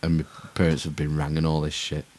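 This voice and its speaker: A man's voice: very deep voice, monotone, quick pace, darkish tone. A man telling a rambling, sweary story as a podcast co-host. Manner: rambling, swears freely, self-mocking. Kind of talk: casual storytelling chat.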